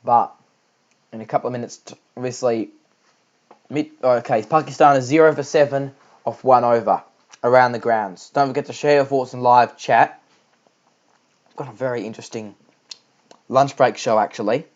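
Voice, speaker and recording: A man's voice: mid-range voice, moderate pace, pauses often, dull audio. A young Australian man giving homemade live cricket commentary, chatty and rambling with lots of fillers.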